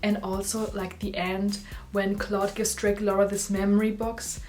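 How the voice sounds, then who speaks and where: A woman's voice: mid-range voice, moderate pace, soft background music. A young woman casually reviewing and ranking movies in a vlog, gushing and full of filler words. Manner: gushing, animated, lots of "like" fillers.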